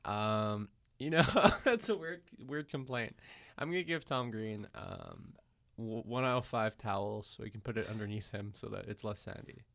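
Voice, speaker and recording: Man, low gravelly voice, dry close sound, joking casual chat. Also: normal speed, hardly any pauses, a bit bright, no echo. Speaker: podcast co-host. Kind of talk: casual chat reading reviews.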